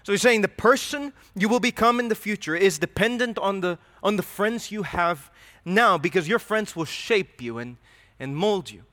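A man's voice: sits high, animated, normal speed, hardly any pauses, a bit bright, no room sound, studio quality. A man preaching a sermon who reads scripture aloud and then explains it with rising animation. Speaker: pastor.

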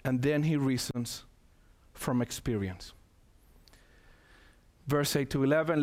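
A man's voice: medium pitch, slow pace, long pauses, a little mellow. A man preaching an emphatic sermon, calling out to the congregation and repeating key phrases for weight.

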